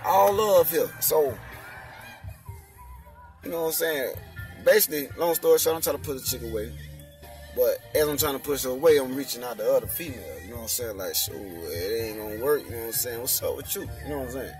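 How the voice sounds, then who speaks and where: A man's voice: medium pitch, a little fast, distant mic, over music. A young man casually telling the story of his faith testimony, using lots of slang and saying "you know what I'm saying" again and again.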